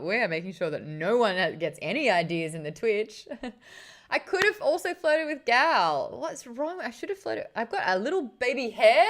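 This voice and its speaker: A woman with an Australian accent, hosting a casual livestream, chatting cheekily and reading out viewer comments. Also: on the high side. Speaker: livestream host.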